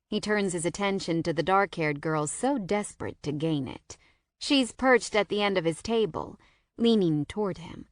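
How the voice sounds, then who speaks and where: A woman's voice: medium pitch, no echo, studio quality. Wry woman narrating an audiobook. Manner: wry, sardonic storytelling. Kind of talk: first-person audiobook narration.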